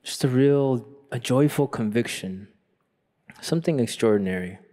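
This man has a dark tone and keeps a moderate pace. A Catholic priest leading a workshop at a youth conference, he recounts a personal story with earnest reflection and grows fervent when preaching.

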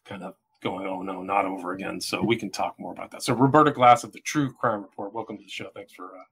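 A man's voice: lowish voice, fast, vocal fry, fairly bright tone, a little hiss or hum. A man hosting a podcast, talking in a loose, rambling way with lots of "kind of" fillers. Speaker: podcast host. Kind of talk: casual podcast interview.

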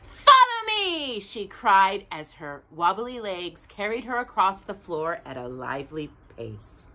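Animated woman reading a storybook. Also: on the low side, unhurried. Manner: animated, expressive. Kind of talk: reading a children's storybook aloud.

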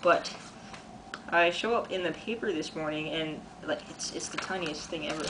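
A young man in his twenties from Canada talks excitedly in a casual video diary, using lots of "like" fillers. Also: a little high, moderate pace. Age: 20s. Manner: chatty and excitable, many "like" fillers. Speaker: vlogger and artist. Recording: noisy background.

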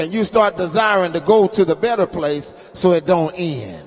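A man in his fifties with a notably high voice preaches at a funeral service, pulling the congregation into call and response. He shifts from quiet, talky asides into loud, chanting scripture readings. A long reverb from the chapel hangs on every phrase. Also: animated, normal speed, few pauses, soft background music. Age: 50s. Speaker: guest preacher. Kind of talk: sermon at a homegoing service.

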